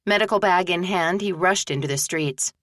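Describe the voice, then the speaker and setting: A woman narrating an audiobook in a measured storytelling manner, close to the mic. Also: on the low side, fairly bright tone, no room sound. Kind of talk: scripted narration.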